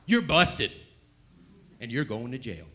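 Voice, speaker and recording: A man playing a big, bullying Southern police officer with a thick hillbilly accent, loud and slow-drawling. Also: medium pitch, animated.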